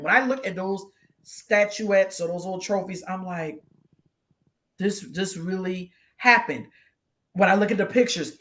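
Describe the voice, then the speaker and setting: A woman's voice: medium pitch, a bit bright. A woman co-hosting a casual chat, telling an emotional story and acting out quoted voices. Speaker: guest co-host.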